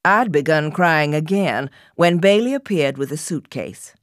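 Low-voiced woman reading a memoir. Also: expressive, measured pace, dry recording, studio quality. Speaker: reader.

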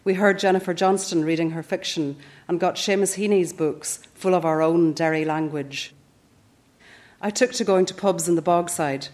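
A Northern Irish woman in her fifties reading her own reflective first-person essay in a measured way. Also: lowish voice, darkish tone. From Northern Ireland. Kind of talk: scripted first-person narration.

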